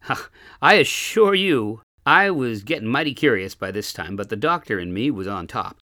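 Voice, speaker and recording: A man reading an old-fashioned first-person story aloud with expressive storytelling. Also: lowish voice, a little fast, dry recording, studio quality.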